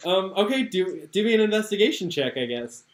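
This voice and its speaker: A man's voice: high-pitched, a little fast, noisy background. A man running a tabletop game as game master, laughing often. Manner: laughing often, relaxed with fillers. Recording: echoey room.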